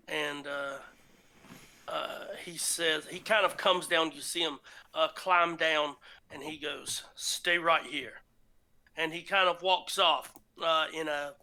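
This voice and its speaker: A man, narrating a tabletop game as game master, slow and halting with many fillers. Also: on the high side, pushed and bright.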